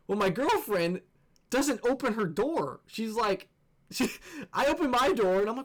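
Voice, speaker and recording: Excitable young guy on his channel, high voice, storytelling and cussing. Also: moderate pace. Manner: animated, excitable, swears freely. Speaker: gaming channel host. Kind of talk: casual storytelling over gameplay.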